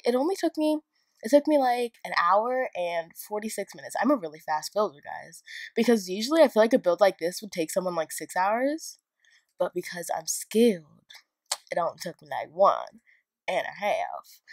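A woman's voice: fairly low pitch, big pitch swings, moderate pace, no echo. A young woman giving a casual narrated tour of a game build, rambling and chatty, often joking at her own expense. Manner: rambling, chatty and self-mocking. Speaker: video game builder and YouTuber.

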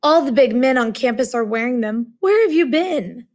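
A woman's voice: sits high, expressive, moderate pace. A woman voicing a young male college student who wails and pleads about following a fad. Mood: wailing. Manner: wailing, pleading.

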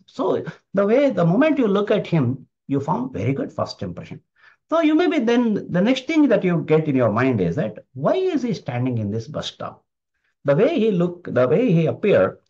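A man's voice: mid-range voice, darkish tone. A man giving an emphatic motivational talk, repeating his key phrases. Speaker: motivational speaker. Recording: dull lo-fi recording.

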